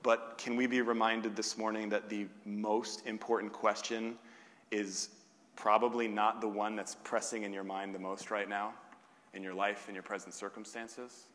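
A male pastor delivering a sermon, asking rhetorical questions and slowing down with long pauses on key words. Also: fairly low pitch, fairly bright tone. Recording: long hall reverb.

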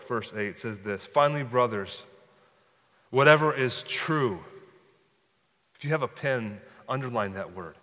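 Pastor preaching in a reverberant hall. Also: male voice, medium pitch, a bit bright. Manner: conversational, frequent restarts and repeated words. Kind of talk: sermon. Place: church sanctuary.

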